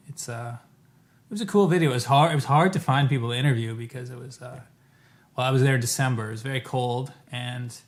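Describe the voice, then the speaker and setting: A man talks to camera about a trip, in a loose and chatty way. He often stops mid-phrase to correct himself. When he quotes the people he met, his voice jumps up and gets livelier. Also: mid-range voice. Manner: rambling, self-correcting, quotes people in animated bursts. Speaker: vlogger telling a travel story. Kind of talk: casual storytelling.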